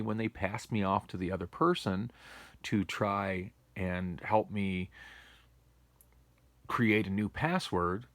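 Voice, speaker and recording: A man's voice: on the low side, a bit bright, dry recording. A man vlogging from home on a phone, rambling and complaining wearily in a casual monologue. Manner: weary, complaining, meandering with restarts. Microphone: phone camera.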